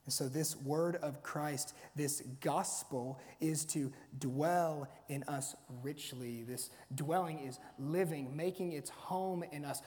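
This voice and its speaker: A man's voice: a little high, darkish tone. A man preaching a sermon in a conversational, storytelling way, often restarting his phrases. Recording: long hall reverb.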